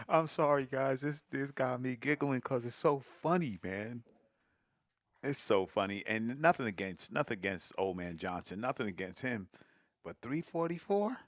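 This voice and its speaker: A man's voice: lowish voice, very animated, takes it slowly, pauses often, fairly bright tone, no room sound, studio quality. A man doing casual live commentary on a pool stream, teasing the players, giggling often and talking straight to his viewers.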